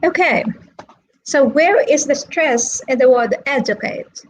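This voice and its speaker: Female online English teacher; slow, deliberate delivery, repeats words to model syllable stress. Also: high voice, a little hiss or hum, rough recording. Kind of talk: online classroom lesson.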